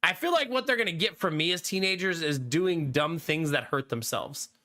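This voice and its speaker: A man's voice: on the high side, lively intonation, moderate pace, bright, forceful tone. A man in his thirties streaming a game and chatting casually with viewers, laughing often and swearing freely. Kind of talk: casual chat reading live chat.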